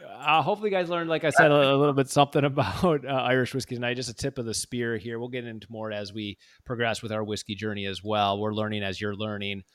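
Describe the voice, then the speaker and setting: A man's voice: medium pitch, fairly even intonation, fast talker, hardly any pauses, a bit bright, dry recording, studio quality. A man co-hosting a casual podcast chat, rambling and correcting himself as he talks. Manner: rambling, self-correcting, jokey. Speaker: podcast co-host.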